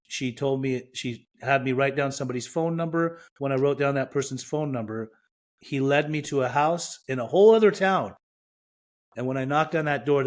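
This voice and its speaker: A man from Iran, a podcast guest, frankly and reflectively telling his own recovery story with self-mocking humor. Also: medium pitch.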